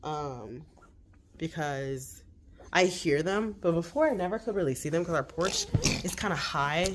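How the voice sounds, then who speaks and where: A woman chatting casually at home as a vlogger and mother, animated and quick to laugh. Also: deep voice, noisy background. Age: 40s. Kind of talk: casual chat.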